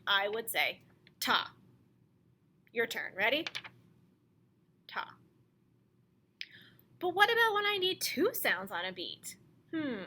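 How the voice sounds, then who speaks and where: A woman music teacher speaks to young children in a slow, patient voice and chants simple rhythm syllables for them to repeat. Her voice sits a little high and sounds bright and forward. A faint hiss of background noise runs under the recording.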